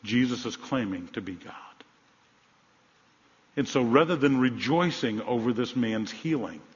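A male pastor preaching a sermon, telling a story with animated emphasis and dropping to quiet, soft moments. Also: medium pitch, measured pace. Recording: dull sound in a large reverberant hall.

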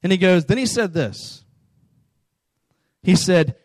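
A young man speaking as a youth pastor, with a voice pitched a little higher than most men's. He tells a story to his youth group in a loose, chatty way and keeps tagging his lines with "right?". The recording is dry and close, with little room sound. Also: animated, takes it slowly, long pauses, darkish tone, dry recording. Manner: storytelling, conversational, frequent "right?".

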